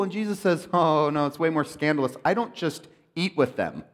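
A man preaching a sermon as pastor, joking and acting out quoted voices with lively animation. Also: fairly high pitch, moderate pace. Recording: reverberant hall.

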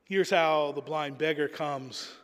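A man's voice: on the high side, slow pace, fairly bright tone, long reverb tail. A man preaching a sermon in an earnest, emphatic way, often repeating words as he builds a point.

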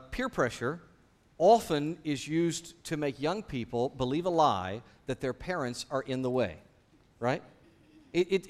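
A man preaching a sermon in a church, asking his congregation one question after another. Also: a little high. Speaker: pastor.

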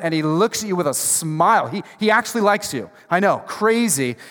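A man preaching a sermon as pastor, conversational and emphatic, dropping from loud bursts to hushed lines. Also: high voice. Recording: long reverb of a large hall.

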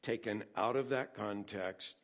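A man preaching a sermon, humorous and storytelling, who acts out quotes with rising excitement. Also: on the low side, unhurried. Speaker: pastor.

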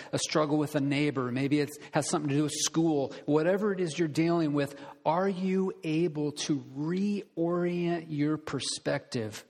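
A man's voice: a little high, darkish tone. Earnest preaching man, hall reverb. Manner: earnest, deliberate preaching with direct questions to listeners. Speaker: pastor. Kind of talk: sermon. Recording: long reverb of a large hall.

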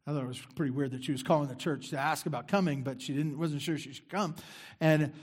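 A middle-aged man delivers a sermon with a voice pitched a little above most men. His tone stays easy and conversational, circling back to repeat key phrases and sinking into quiet asides between them. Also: steady tone, fast talker. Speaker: pastor.

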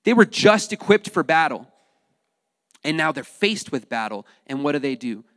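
A man preaching a sermon to his congregation, animated and addressing them directly, acting out voices as he goes. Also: a little high, normal speed, no room sound, studio quality, in a large hall. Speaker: pastor.

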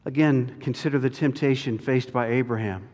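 A man preaching a sermon with an emphatic, deliberate delivery. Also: mid-range voice, a little mellow. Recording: long reverb of a large hall.

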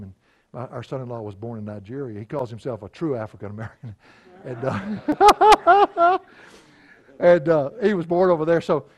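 A middle-aged male pastor preaches in an easy, conversational way. He moves from story to story and chuckles along the way. His voice sits at an ordinary middle pitch. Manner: folksy, conversational, chuckling anecdotes. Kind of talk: storytelling sermon.

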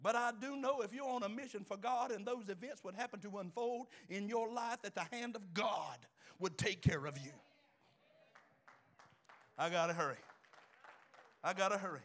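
A man's voice: high voice, moderate pace, long pauses, fairly bright tone. A man around sixty, preaching a fervent, folksy sermon to his congregation. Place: church in front of a congregation.

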